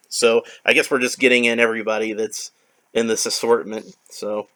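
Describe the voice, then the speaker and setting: A man's voice: medium pitch, level tone, moderate pace, sharp tone. A man toy collector giving casual, rambling unboxing commentary with a wry touch and many fillers.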